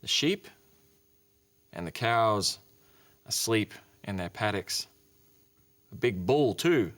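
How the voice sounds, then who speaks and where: Brief: man, kids' TV presenter, slow gentle storytelling with playful animal sounds. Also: lowish voice, expressive. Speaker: children's TV presenter. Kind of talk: storytelling with toys for children. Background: guitar music.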